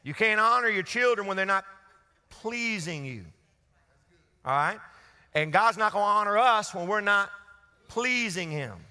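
A man's voice: sits high, fairly quick, sharp tone, smooth. A man preaching a sermon to a congregation, leading call-and-response. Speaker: pastor. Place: church hall. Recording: long church reverb.

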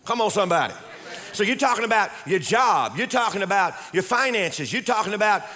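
A man's voice: high-pitched, sing-song, a little fast, bright, forceful tone. A male pastor preaching a sermon with emphatic delivery, repeating key words and calling on the congregation to respond.

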